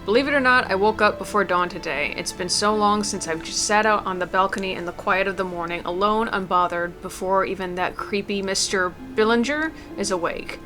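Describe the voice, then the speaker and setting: A woman reading aloud as an elderly mother, gentle and tender, with small stumbles. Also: medium pitch, brisk, few pauses, soft background music, natural voice. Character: elderly mother writing a farewell letter. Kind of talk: reading a game letter aloud.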